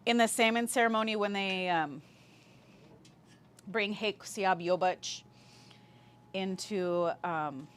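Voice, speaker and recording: Woman teacher, slow and patient, repeats phrases for students, relaxed and warm-humored. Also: medium pitch, smooth. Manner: patient, repeats words slowly for learners. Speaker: language teacher. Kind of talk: online language lesson.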